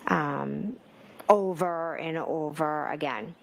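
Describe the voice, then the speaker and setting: A woman's voice: deep voice, slow pace, vocal fry, a little hiss or hum, rough recording. A woman giving courtroom testimony as a witness, hesitant, with many fillers and restarts. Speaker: trial witness.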